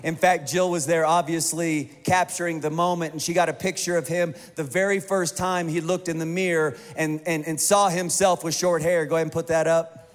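A man's voice: fairly high pitch, flat delivery, normal speed. A man preaching a sermon to his church, talking conversationally and joking with the congregation. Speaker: pastor. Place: large church auditorium. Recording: reverberant church hall with congregation and music.

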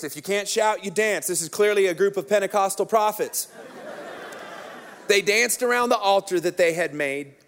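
A man in his thirties, a pastor preaching a sermon as an energetic, joking storyteller. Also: high voice.

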